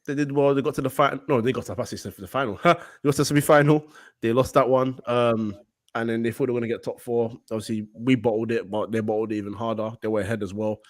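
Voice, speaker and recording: A man's voice: medium pitch, no echo, clean studio sound. A man, a guest on a casual podcast chat, laid-back and joking with frequent fillers.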